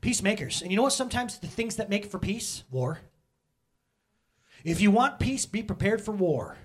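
A man's voice: high-pitched, big pitch swings, normal speed, slightly rough. A middle-aged man preaching a casual, conversational sermon, joking and talking straight to the congregation. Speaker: pastor.

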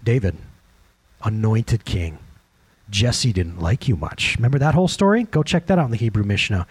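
A man preaching a sermon to a congregation, animated and direct, often asking the listeners questions and acting out quotes. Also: on the low side, moderate pace, breathy edge. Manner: breaks into acted-out quotes. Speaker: pastor.

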